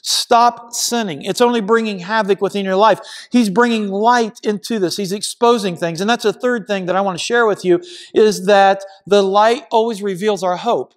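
A man's voice: high-pitched, fairly even intonation, moderate pace. A man pastor preaching a sermon in a church, earnest and emphatic, repeating phrases for stress. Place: church sanctuary.

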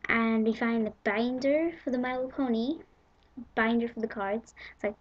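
Brief: bubbly female vlogger, higher-pitched voice, dull lo-fi home-video sound. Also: quick pace. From England. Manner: chatty and excitable, rambling with giggles. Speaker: vlogger showing a shopping haul. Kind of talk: casual chat to camera.

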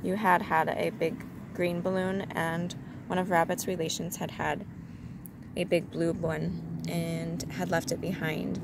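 A woman reading a children's storybook aloud in a calm, measured way. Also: on the low side, creaky, heavy background noise.

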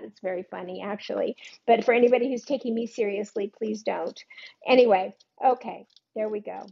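A woman's voice: medium pitch, normal speed, gravelly, a little mellow, slightly rough, highs cut off. An older woman hosting a live-streamed cooking demo, chatting casually, joking at her own expense and greeting viewers by name. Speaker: cooking show host.

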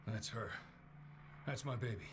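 An actor playing a gruff, protective older father figure with a steady, practical manner in a video game. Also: lowish voice, measured pace, heavy background noise, close to an everyday voice. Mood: relieved.

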